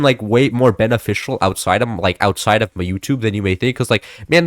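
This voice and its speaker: A man's voice: fairly low pitch, fairly quick, hardly any pauses, no room sound, studio quality. A young man chatting casually as a gaming creator, rambling with many fillers and restarts. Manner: rambling, filler-heavy, animated. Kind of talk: casual chat.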